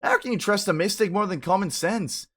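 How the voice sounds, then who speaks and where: A man's voice: high-pitched, a little fast, a bit bright. A man voicing a scornful, hostile young man who snaps in a sneering, raised voice while reading game dialogue aloud.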